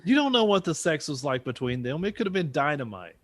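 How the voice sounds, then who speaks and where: A man's voice: on the high side, sing-song, fairly quick, no room sound. A Texan man co-hosting a podcast, making teasing wisecracks in casual chat. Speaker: podcast co-host. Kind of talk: casual movie-riffing chat.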